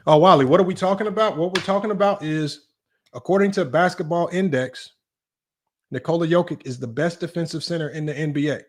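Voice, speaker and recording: A man hosting a casual sports livestream, teasing his chat, his voice jumping up in mock disbelief. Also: a little fast. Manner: animated, teasing, voice jumps high in mock disbelief. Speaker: livestream sports talk host.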